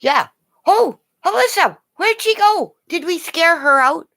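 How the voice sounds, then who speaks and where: A middle-aged woman hosting a rambling, casual livestream chat, excitable, gasping and dropping into whispers. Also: extremely high pitch, unhurried, creaky, no echo, studio quality. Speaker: livestream host.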